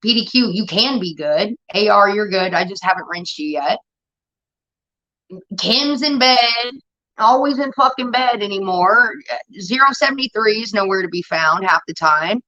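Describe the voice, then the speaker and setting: A woman's voice: medium pitch, pushed and bright. A woman hosting a livestream in casual chat, blunt and profane, irritated with her moderators. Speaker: livestream host. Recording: dull lo-fi stream audio.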